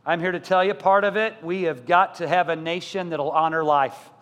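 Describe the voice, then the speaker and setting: A fairly high-voiced middle-aged male pastor delivering a sermon in a big church sanctuary, his words trailing off into a long reverb. He rises to loud, emphatic repetition and keeps asking the congregation rhetorical questions. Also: fairly even intonation, normal speed, smooth, dull audio.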